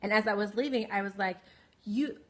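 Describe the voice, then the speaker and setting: A woman of middle pitch speaks into a phone on a live broadcast. She tells her own story in a candid way, full of fillers and restarts and broken by quick laughs. She stops now and then to answer viewers by name. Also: fairly even intonation, a bit bright. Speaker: livestream host. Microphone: phone livestream.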